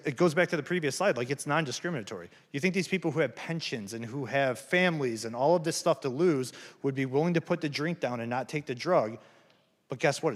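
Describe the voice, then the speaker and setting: A man giving a candid, earnest talk about recovery to an audience, self-deprecating and plain-spoken. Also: medium pitch. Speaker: recovery speaker at a campus event. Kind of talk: personal testimony talk. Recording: hall reverb.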